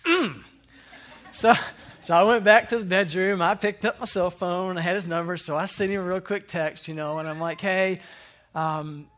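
Chatty man telling a story, slightly high voice. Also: steady tone, moderate pace, fairly bright tone. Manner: conversational, rambling, frequent fillers and restarts; self-deprecating, chuckles at himself. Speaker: speaker sharing a personal story. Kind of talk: casual devotional storytelling.

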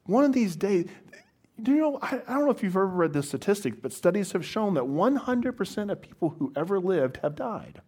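A man's voice: sits high, very animated, brisk, darkish tone, slightly rough. A man, a pastor, giving a conversational sermon to a congregation, with wry self-deprecating humor and frequent restarts.

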